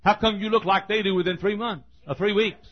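A man preaching a sermon, telling a folksy story and building to emphatic, forceful points. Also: sits high, steady tone, a little fast, muffled recording.

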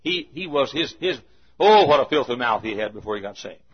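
Man, preacher, storytelling sermon, husky voice, dull lo-fi recording. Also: mid-range voice, brisk. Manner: animated, swings between shouting and hushed asides, chuckles.

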